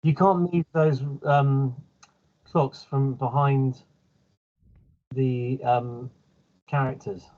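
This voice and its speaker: A man playing in a tabletop game, loudly directing the host on the screen in casual chat. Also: medium pitch, flat delivery, drawn-out words, pauses often. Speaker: player. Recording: dull lo-fi call audio from off-mic.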